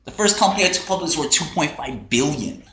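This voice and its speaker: A man's voice: fairly high pitch, expressive, quick pace, sharp tone, a little hiss or hum. A man hosting a casual livestream, ranting in a brash, profane, mocking way. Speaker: livestream host. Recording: roomy echo, faint typing.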